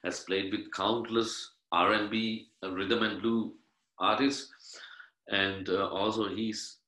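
Middle-aged man from Sri Lanka, bright tone, casual and hesitant, roomy echo. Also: lowish voice, flat delivery, slow. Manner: rambling, with many uhs and restarts. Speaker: guest musician. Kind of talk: casual interview chat.

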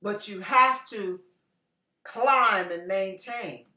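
A woman pastor preaching an impassioned online sermon, moving from hushed, slow teaching to tearful, shouting fervor. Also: mid-range voice, echoey room.

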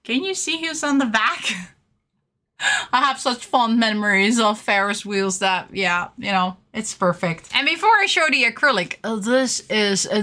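A young woman casually showing off her collectible merchandise, gushing and excitable with frequent giggles. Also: mid-range voice. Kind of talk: casual unboxing chat.

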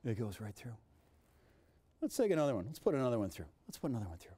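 Energetic man presenting science for kids. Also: quick pace, breathy edge. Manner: energetic and showy, big swings in pitch and loudness. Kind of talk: kids' science demonstration. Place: TV studio.

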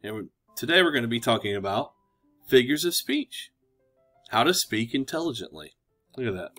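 A man's voice: lowish voice, expressive, normal speed, soft background music. A man teaching a recorded lesson to children, chatty and encouraging. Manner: chatty, encouraging, reads quotes aloud with emphasis.

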